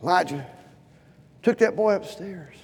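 A man preaching a sermon with fervent delivery, swinging from loud urgent pleading to low hushed lines. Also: unhurried, husky. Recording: long hall reverb.

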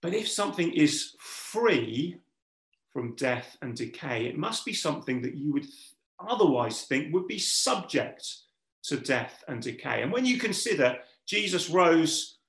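Gravelly-voiced man preaching in an echoey room. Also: fairly high pitch, big pitch swings, unhurried, a bit bright. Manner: earnest, poses rhetorical questions to listeners. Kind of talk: sermon.

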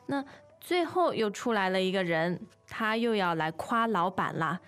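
Lady teacher on a language podcast, agreeable, patient, soft music in the back. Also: medium pitch, sing-song, moderate pace, few pauses, smooth. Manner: encouraging, agreeable, explains meaning patiently. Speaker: Mandarin teacher, co-host. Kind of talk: bilingual podcast lesson.

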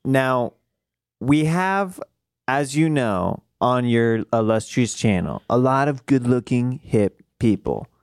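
A man playing an earnest young man who pitches a show in a polite, halting way. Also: animated, clean tone, no room sound, clean studio sound. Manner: polite, hesitant salesman patter.

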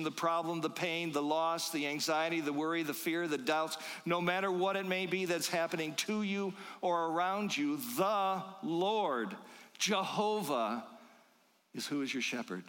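Preacher guy, bit high voice, big echoey hall, slows way down on the verses. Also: a bit bright. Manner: emphatic preaching, slowing on scripture quotes. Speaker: pastor. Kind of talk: sermon.

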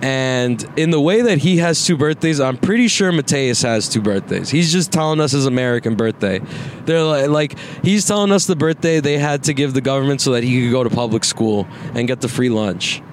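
A man's voice: mid-range voice, animated, brisk. Rambling, profane young man in a car. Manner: rambling, profane, laughs often. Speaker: podcast host. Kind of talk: casual chat. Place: inside a moving car. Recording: faint road noise in a car.

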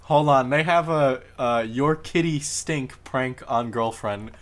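A man's voice: medium pitch, slow pace. A young man co-hosting a casual podcast, wry and dry. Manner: dry, wry, reads titles aloud. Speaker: podcast co-host. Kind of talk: casual chat.

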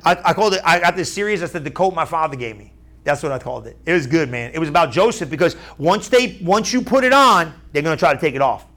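A man with a notably high voice delivers a sermon. He talks casually and with energy, repeats his points and acts out the voices of doubters. He often checks that his listeners understand. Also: fast. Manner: animated, conversational, acts out crowd voices; repeats phrases, asks "you understand?". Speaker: preacher.

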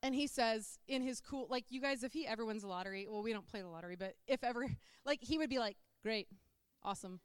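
A middle-aged woman giving a chatty, animated sermon-style testimony, full of "like". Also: fairly high pitch, fast, hardly any pauses, clean tone, no room sound, clean studio sound.

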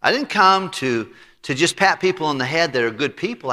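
Preaching pastor with a bright voice. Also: male voice, a little high, sing-song, moderate pace. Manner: preaching with voiced characters and congregational read-alongs. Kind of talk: sermon. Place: church sanctuary. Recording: reverberant church sanctuary.

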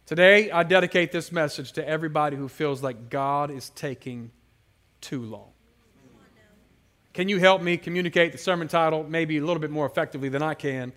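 A man's voice: on the high side, fairly quick, fairly bright tone. A man preaching a sermon, telling playful stories and leading the congregation in call-and-response. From San Francisco area. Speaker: guest pastor.

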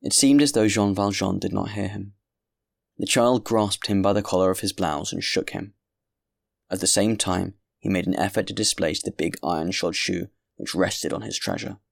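Deep, gravelly male narrator. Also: no echo, clean studio sound. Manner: measured, grave literary reading. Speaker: audiobook narrator. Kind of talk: scripted narration.

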